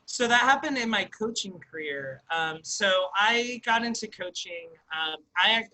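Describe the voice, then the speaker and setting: A young man in his twenties telling stories as a podcast guest, chatty and animated with lots of fillers. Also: high voice, low-quality recording. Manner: animated, fast storyteller full of likes and ums. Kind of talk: casual storytelling interview.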